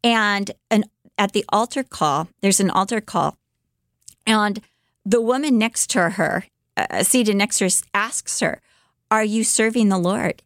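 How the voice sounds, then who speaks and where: A woman co-hosting a podcast, telling a life story in an animated way, with many fillers, and acting out the quotes. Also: medium pitch, a little slow, dry recording, clean studio sound. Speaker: podcast co-host telling a biography. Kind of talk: casual storytelling chat.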